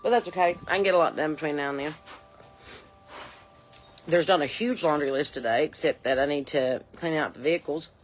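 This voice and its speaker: Lightly acting, a comedy character host in her forties voices a chatty, nosy middle-aged Southern mom who rambles on an outdoor porch in a drawl. She has a deep voice and speaks fairly quickly with long pauses, over slight background noise.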